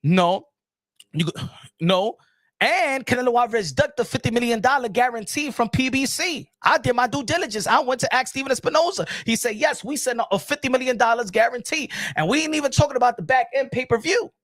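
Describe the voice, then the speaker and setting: Boxing stream host, male, high and dry on a close mic, rambling and heated. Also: fast talker, few pauses, no room sound. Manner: rambling, animated, frequent "you know what I'm saying". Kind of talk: casual live-stream commentary.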